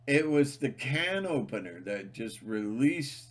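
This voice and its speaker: A man's voice: medium pitch, big pitch swings, slow. A man talking straight to his viewers in a rambling, emphatic monologue, often repeating himself and restarting sentences. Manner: emphatic, repetitive, many restarts and fillers. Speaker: channel host.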